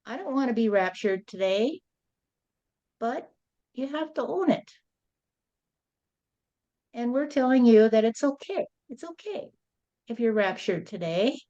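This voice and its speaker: Woman channeling god talk, kinda high but mellow voice, blunt and preachy, dull lo-fi sound. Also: expressive, unhurried, pauses often. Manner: blunt, lecturing, repeats "you see".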